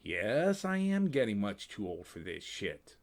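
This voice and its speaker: Man as a worn-out old official, dry, calm, mumbling, a bit quieter and slower than the reading. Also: lowish voice. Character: weary, cranky old male custodian, dry wit.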